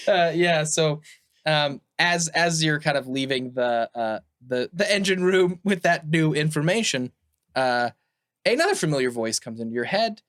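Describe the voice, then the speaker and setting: Halting man narrating a tabletop game. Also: a little high, expressive, a bit bright, no room sound, studio quality. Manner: halting, many fillers and restarts. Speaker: game master.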